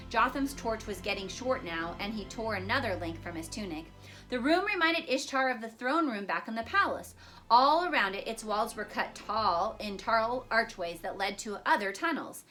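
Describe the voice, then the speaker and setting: Woman storyteller, bright tone, lively pitch, faint music under her reading. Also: normal speed. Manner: expressive, dramatic reading. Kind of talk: storybook read-aloud.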